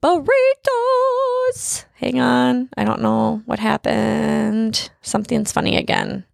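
Teasing gravelly-voiced podcast mom. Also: female voice, on the high side, little pitch movement, a little slow, dry recording, studio quality. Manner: playful, teasing, chatty. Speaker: podcast host, mother. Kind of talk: casual family chat.

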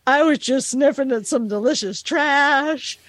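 A woman's voice: sits high, measured pace, no room sound, pitched above the performer's own voice. A woman voicing her young male puppy as a cheeky, crude, startled dog in a funny story. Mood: indignant.

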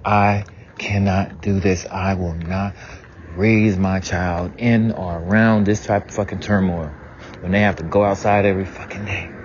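A man's voice: low voice, fairly even intonation, normal speed. A man giving a raw, profane personal monologue about family, often sinking into a whisper. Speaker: speaker venting about family. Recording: dull lo-fi sound with background noise.

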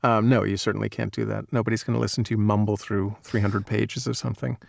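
Male audiobook narrator, relaxed and self-deprecating; low, gravelly, dry studio sound. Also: fast talker, dry recording. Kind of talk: casual interview chat.

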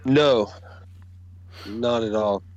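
A man's voice: fairly low pitch, drawn-out words, dull audio. A man, talking bluntly and profanely as a guest in a casual chat about wrestling promos.

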